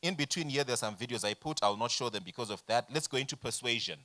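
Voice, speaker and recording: A man in his forties teaches a business workshop with a bright, forceful voice, keeping it lively with constant questions to the room. His pitch sits in an ordinary middle range. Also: fast talker. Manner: animated, addresses audience directly with rhetorical questions. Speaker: workshop facilitator. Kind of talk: lecturing a workshop.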